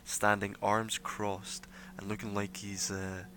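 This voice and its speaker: A man's voice: fairly low pitch, completely flat delivery, slow pace, sharp tone, a little hiss or hum. A man narrating as game master of a tabletop game, rambling with many fillers.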